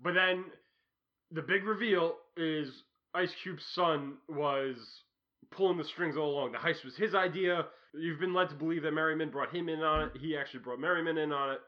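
A man's voice: fairly high pitch, moderate pace. Rambling man recapping a movie. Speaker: podcast co-host. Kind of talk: casual podcast chat. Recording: muffled lo-fi audio.

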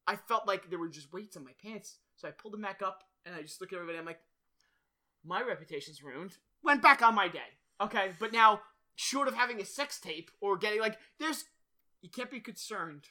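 A man's voice: high-pitched, animated, brisk, sharp tone. A man hosting a podcast in casual chat, rambling, swearing and often laughing. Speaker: podcast host.

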